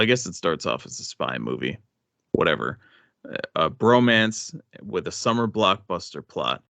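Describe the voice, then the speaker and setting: Lower-voiced man, dry podcast audio. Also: pushed and bright, no echo. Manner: rambling, thinks aloud. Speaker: podcast co-host. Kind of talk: casual movie review chat.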